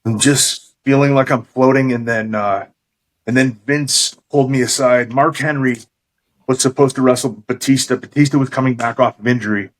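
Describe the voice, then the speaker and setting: A middle-aged man, a podcast guest, recalling his career in a relaxed, thoughtful way with small hesitations. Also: medium pitch, moderate pace, rough recording. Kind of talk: casual interview chat.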